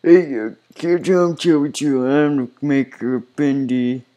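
A man's voice: medium pitch, slow pace, warm tone, close to an everyday voice. A man voicing a bumbling male cartoon studio boss who stammers and gets flustered, in a goofy game machinima.

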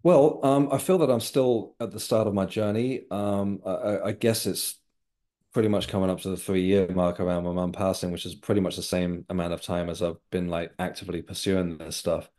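Low, warm, and fairly even in intonation, this Englishman's voice moves at a normal speed. As an interview guest who writes and is developing as a medium, he shares a personal story with sincere reflection.

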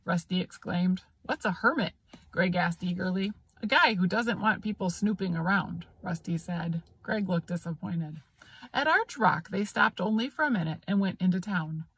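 A woman with a husky, slightly breathy voice reads a story aloud. Her pitch rises and falls a lot as she gives each character a voice. The recording is dry and close. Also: no echo. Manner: lively, expressive reading with occasional slips. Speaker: audiobook reader.

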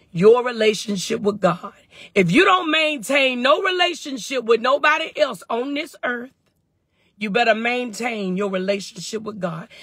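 A woman's voice: medium pitch, a bit bright, husky, dry recording, studio quality. A woman fervently on a phone live stream from her parked truck, answering viewers' comments in call-and-response. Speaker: faith and wellness livestream host.

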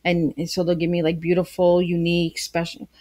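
A woman's voice: on the low side, completely flat delivery, a little fast, darkish tone. Chatty Canadian woman guest. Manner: chatty, rambling, playful. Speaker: podcast guest. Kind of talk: casual interview conversation. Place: tea room at home. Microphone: video call.

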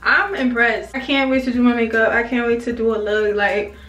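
A woman with a slightly high voice chats to camera about her new hairstyle, excitable and full of slang and swearing. She sounds like she is filming at home in an echoey room. Faint music plays underneath. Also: a little fast. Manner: excitable, animated, slangy and profane. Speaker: hair tutorial vlogger. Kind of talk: casual talk to camera.

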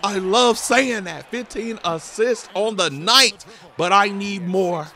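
A man's voice: high voice, slow pace, bright, forceful tone. A man giving hyped, boastful commentary over his own gameplay, trash-talking and often slipping into a sing-song delivery. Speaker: gaming YouTuber.

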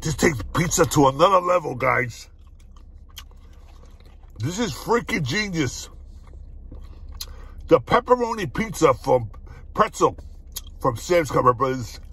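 An excitable man tasting food on camera, his voice husky and sitting high. He talks in a lively, swooping way and keeps breaking into laughs and cries of delight. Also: measured pace, pauses often. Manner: excitable, repeats "my brothers", laughs often. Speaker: food reviewer. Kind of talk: casual food review vlog.

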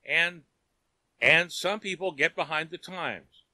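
A man's voice: on the high side, slow, bright, forceful tone, no echo, voice pushed up, full character voice. A man voicing an earnest, eager young woman in an audiobook reading, raising his voice to plead.

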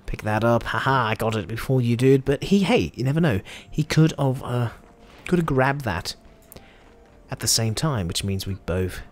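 A man's voice: mid-range voice, lively intonation, normal speed. A man with an Australian accent giving chatty, jokey commentary over his own gameplay. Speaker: gameplay video host.

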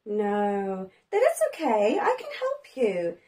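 A woman's voice: mid-range voice, huge pitch swings, slow, mellow. A woman hosting a children's learning video as a preschool teacher, talking in a sing-song way with dramatic gasps and plenty of praise.

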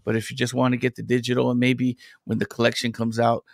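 A man's gravelly voice sits at an ordinary middle pitch. He talks as a podcast guest in loose, rambling, conversational stories. The sound is close and dry, with no room around it. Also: monotone, fast, no echo. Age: adult parent. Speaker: podcast guest, independent comic creator. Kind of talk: casual chat.

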